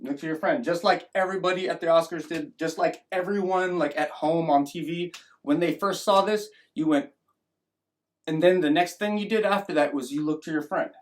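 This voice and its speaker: A man's voice: fairly high pitch, moderate pace. A man giving a rambling opinion monologue as a vlogger, often restarting and acting out mocking voices.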